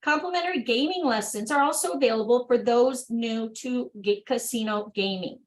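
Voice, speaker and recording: A woman hosting an online workshop over a video call. She reads training material aloud at a brisk clip and breaks off for upbeat, chatty asides. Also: fairly high pitch, low-quality recording. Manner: brisk reading broken by upbeat exclamations. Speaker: workshop host.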